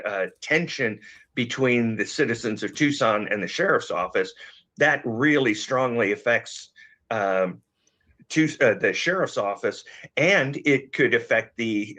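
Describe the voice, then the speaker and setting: A man with a slightly failing voice, a former investigator, giving measured analysis with frequent fillers. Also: medium pitch, animated, sharp tone. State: losing his voice. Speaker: former law enforcement guest. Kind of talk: conversational expert analysis. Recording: dull lo-fi audio.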